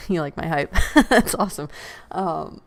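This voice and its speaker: Her voice sits low with vocal fry and runs a little slow as this woman from the United States hosts a podcast. She comments casually and with strong opinions, animated, laughing and sighing frequently.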